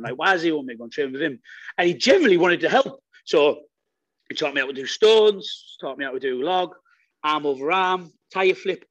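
Man, podcast guest, energetic and sweary, fairly high voice, dry sound. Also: no room sound, highs cut off. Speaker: guest strongman athlete. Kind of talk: casual podcast chat.

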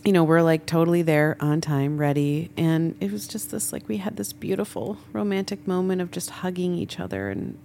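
Brief: chatty female co-host, lowish voice, laughs often, faint room noise. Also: normal speed, hardly any pauses, mellow. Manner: giggly, chatty, lots of "like". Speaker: podcast co-host. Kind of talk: casual chat. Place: hotel room.

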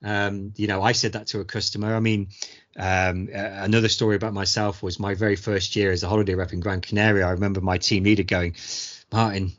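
A man's voice: fairly low pitch, flat delivery, quick pace, muffled recording. A middle-aged man co-hosting a podcast, telling stories in a casual chat and acting out quoted voices. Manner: storytelling, acts out quoted voices. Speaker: podcast co-host.

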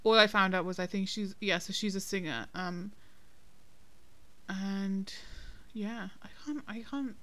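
A woman's voice: mid-range voice, a little slow, bright, forceful tone. A woman co-hosting a casual film-review podcast, talking in a chatty, hesitant way with many ums and restarts. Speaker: podcast co-host.

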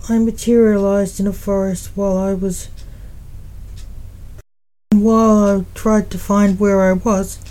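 An anxious teenage goth boy necromancer pleads his case in a slow, dark, mellow voice, as a woman narrator reads his lines. His delivery stays plain and storybook-like, with little change from her own voice. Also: medium pitch, little pitch movement, close to an everyday voice, poor audio.

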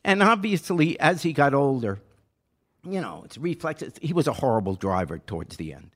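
A man's voice: medium pitch, sing-song, normal speed. An older man and podcast host telling a personal story in a casual, earnest way that grows impassioned and pleading.

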